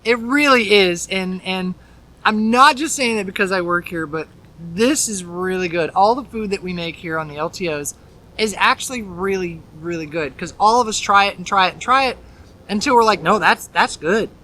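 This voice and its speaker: A woman's voice: medium pitch, normal speed, sharp tone, poor audio. A woman hosting a casual food tasting outdoors at a theme park, enthusiastic and chatty with frequent laughs. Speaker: park staff host. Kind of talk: casual on-location food chat.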